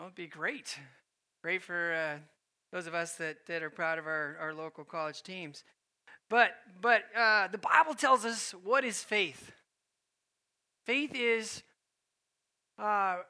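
A man's voice: high voice, pushed and bright, clear, resonant tone. A man giving a sermon as guest preacher on a church stage, folksy and conversational, with fillers and restarts.

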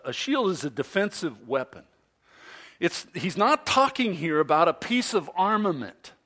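A man delivers a sermon in a slow, deliberate way, pausing between phrases. His voice sits a bit high for a man and moves a lot in pitch. He swings from loud, emphatic stresses to soft, low asides. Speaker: pastor.

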